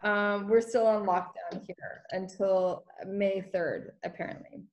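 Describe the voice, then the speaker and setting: A woman teacher leading a relaxed discussion with her students, posing questions and drawing them out. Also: mid-range voice, slow pace. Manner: inquisitive, prompts students with questions. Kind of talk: conversational group discussion with students.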